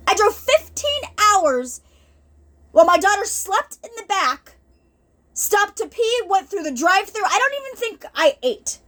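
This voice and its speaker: A woman's voice: extremely high pitch, sing-song, a little slow, fairly bright tone. A woman hosting an unscripted ministry video, giving an earnest, rambling spiritual testimony with many restarts and asides, emotional at times.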